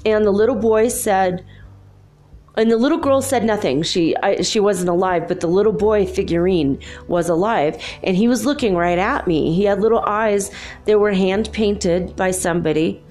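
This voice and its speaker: A woman in her fifties, telling a childhood story in an animated, confiding way. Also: mid-range voice, normal speed, faint music behind. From Los Angeles, USA. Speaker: spiritual speaker. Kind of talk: storytelling monologue.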